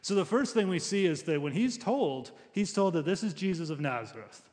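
A pastor preaches in a relaxed, conversational style, frequently restarting sentences as he works through a passage. His expressive, darkish voice sits a little high for a man and moves at normal speed, ringing with the long reverb of a large church hall.

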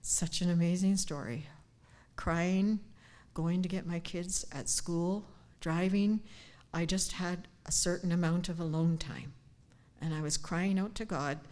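An older woman giving a heartfelt personal devotion, earnest and sincere, sometimes dropping to a hushed near-whisper. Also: on the low side. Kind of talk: personal devotional talk with scripture. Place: church gathering, speaking standing up.

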